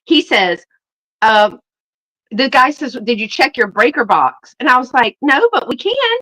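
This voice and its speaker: Bright animated woman storyteller. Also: fairly high pitch, a little slow, poor audio. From Southern United States. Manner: animated, acts out quotes, laughs often. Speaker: live sale host. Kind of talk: casual storytelling chat.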